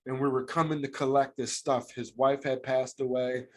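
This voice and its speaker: American male co-host, relaxed slangy storyteller, middle-pitched voice. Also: moderate pace. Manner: casual, slangy, heartfelt storytelling. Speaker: podcast co-host. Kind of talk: casual storytelling chat.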